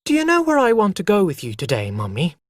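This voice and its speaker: A man's voice: high-pitched, huge pitch swings, fast talker, no room sound, studio quality, voice pushed up. A man voicing an eager, demanding little boy who keeps asking insistent, whiny questions, in a graded reader story.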